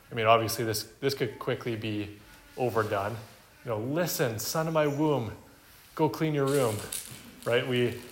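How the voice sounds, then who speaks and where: A male pastor preaching an expository sermon, earnestly explaining scripture step by step. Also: medium pitch. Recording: echoey room with faint noise.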